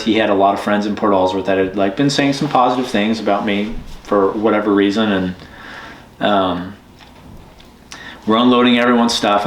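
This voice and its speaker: This man speaks in a lowish register against slight background noise, the room giving off a noticeable echo. He's a bush pilot spinning a yarn in casual conversation, animating each quoted line as he goes.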